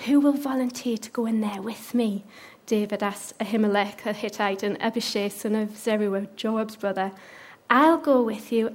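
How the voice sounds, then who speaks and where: A woman retelling a Bible story with commentary, expressive and dropping to whispers for suspense. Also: medium pitch. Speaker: Bible teacher.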